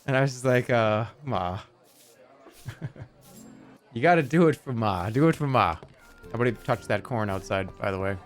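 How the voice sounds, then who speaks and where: A man streaming live in casual chat, rambling and swearing, and now and then acting out scenes in loud put-on voices. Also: medium pitch, normal speed, pauses often, soft background music.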